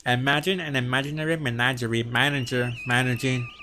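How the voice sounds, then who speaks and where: A man's voice: medium pitch, fairly even intonation, a little fast, noisy background. Man with a stutter and a lisp. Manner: stutters, repeating sounds and words. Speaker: vlogger. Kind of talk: practicing tongue twisters on camera. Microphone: wearing earphones.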